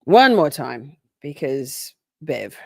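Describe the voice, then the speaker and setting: Low-voiced sarcastic woman streamer. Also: big pitch swings, takes it slowly, vocal fry, a little mellow, slightly rough, no room sound, studio quality. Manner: profane, sarcastic, laughing asides. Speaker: commentary streamer. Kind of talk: casual reaction commentary.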